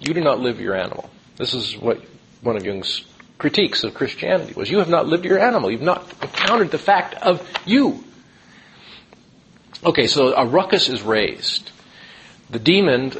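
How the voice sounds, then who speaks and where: A man giving a storytelling lecture, animated, with restarts and asides. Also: mid-range voice, normal speed, breathy edge, low-quality recording.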